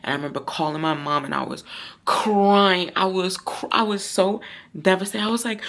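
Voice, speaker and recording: A woman's voice: mid-range voice, fairly even intonation, moderate pace, a bit bright. A woman in her thirties vlogging outdoors, telling a rambling, confiding personal story. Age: 30s. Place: outdoors, windy.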